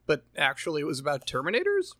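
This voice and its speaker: A man's voice: on the high side, huge pitch swings, quick pace, bright, forceful tone, no echo, studio quality. A man co-hosting a casual gaming podcast, wry and casually swearing. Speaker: podcast co-host.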